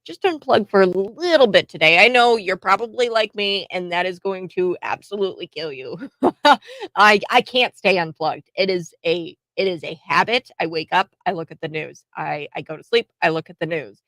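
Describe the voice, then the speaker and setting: A woman hosting a radio talk show, giving animated, mocking political opinions with frequent restarts. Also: lowish voice, normal speed, no room sound. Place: radio studio.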